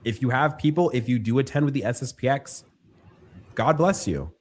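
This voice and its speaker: A man commenting in a clip played on the show, earnestly appealing for kindness and calm. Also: medium pitch, normal speed. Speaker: video commentator.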